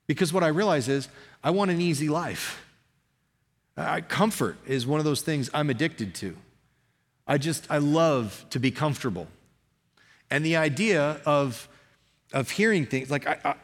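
A pastor giving a sermon in an energetic, conversational way, often restarting his sentences. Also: mid-range voice, moderate pace, big-room sound.

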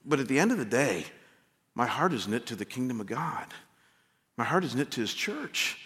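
A man preaching a sermon as pastor, impassioned, climbing to near-shouted peaks and then dropping low and quiet. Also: sing-song, moderate pace. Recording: long reverb of a large hall.

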